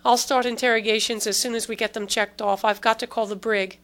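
A woman's voice: fairly high pitch, steady tone, fairly quick, fairly bright tone. A woman reading the part of a tired, harried male security chief in an audiobook, giving curt, weary orders.

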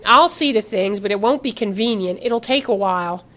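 A woman's voice: medium pitch, normal speed, fairly bright tone, lightly acted. A woman voicing a blunt, practical young male army corporal who talks in a plain, grumbling way.

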